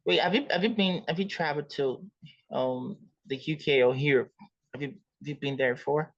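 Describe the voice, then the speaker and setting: A man's voice: on the high side, moderate pace, no echo. A man hosting an interview over a video call, enthusiastic and repeating words as he starts his sentences. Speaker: host. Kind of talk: casual interview. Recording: dull dry lo-fi audio.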